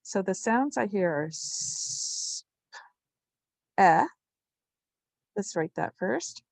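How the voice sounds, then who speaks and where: A woman teaching a spelling lesson to young children, slowly sounding out each syllable with patience. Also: medium pitch, expressive, vocal fry, a little mellow, no echo, studio quality.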